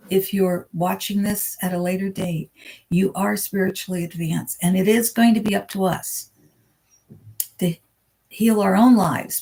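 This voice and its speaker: A woman hosting a live spiritual talk, calmly reading out channeled messages and greeting viewers. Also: lowish voice. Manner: calm, earnest, reads messages aloud slowly.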